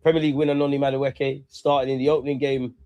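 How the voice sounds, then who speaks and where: A young man giving excitable live commentary on a match, calling out to players and the referee and swearing. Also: medium pitch, fast talker, no room sound, muffled recording. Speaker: football fan streamer.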